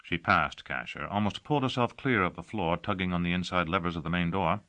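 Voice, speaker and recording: A man narrating an audiobook with expressive storytelling. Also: low-pitched, a little fast, dry recording. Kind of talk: scripted narration.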